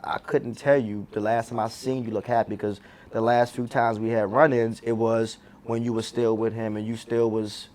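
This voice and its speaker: A man's voice: on the low side, level tone, moderate pace, darkish tone. A man hosting a radio interview, talking casually and agreeing often as his guest speaks. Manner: casual, empathetic, frequent agreeing backchannel. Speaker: radio host. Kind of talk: interview conversation.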